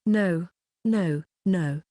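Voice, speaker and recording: A woman's voice: lowish voice, drawn-out words, dark tone, dry recording, clean studio sound. A woman reading the lines of a panicking teenage schoolboy in an audiobook, stammering denials. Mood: panicked.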